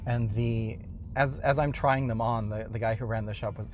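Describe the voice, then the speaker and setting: A man's voice: mid-range voice, fairly even intonation, normal speed, soft background music. A man hosting a casual show from his car while driving, rambling with wry, exasperated asides. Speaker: host.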